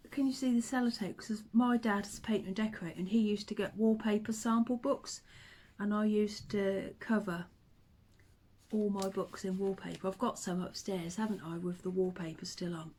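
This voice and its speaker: A woman, chatting to the camera and telling old stories in a relaxed, reminiscing way. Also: mid-range voice, moderate pace. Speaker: vlogger. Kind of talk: casual chat to camera.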